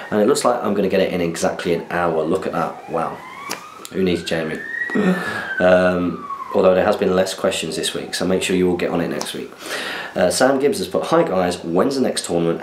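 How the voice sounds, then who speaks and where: A man's voice: low-pitched, reverberant, a little hiss or hum. A young man from southern England hosting a podcast, chatting casually in a rambling, self-deprecating way. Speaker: podcast host. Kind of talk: casual chat.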